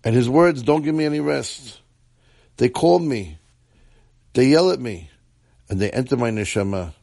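A man's voice: medium pitch, lively intonation, moderate pace, vocal fry, dark tone, no echo. A man voicing a dying, repentant old innkeeper who pleads in a weak voice. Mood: anguished. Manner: pleading, remorseful confession.

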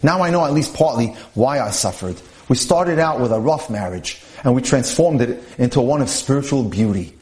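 A man's voice: medium pitch, lively intonation, normal speed, few pauses, a little mellow. Earnest man reading in an echoey room. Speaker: speaker on marriage. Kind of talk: reading a first-person story aloud with commentary.

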